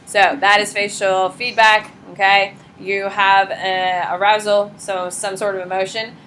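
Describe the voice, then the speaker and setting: Blunt, bright-voiced woman teaching a class. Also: mid-range voice, a little slow, a little hiss or hum. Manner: blunt, lively, acts out examples in quoted voices. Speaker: high school psychology teacher. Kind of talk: classroom lecture.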